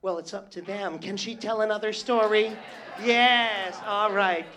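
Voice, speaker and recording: A man's voice: high-pitched, fairly even intonation, unhurried, pushed and bright. A man on stage bantering with his crowd in a slightly raised voice. He is flamboyant and teasing and piles on the endearments. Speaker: stage entertainer working the crowd. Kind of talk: live stage banter with the audience. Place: live venue with an audience.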